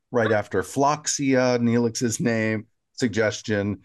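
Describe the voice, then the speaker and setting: A man's voice: medium pitch, unhurried. A man co-hosting a podcast, walking through an episode's plot step by step in a casual, conversational recap. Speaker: podcast co-host.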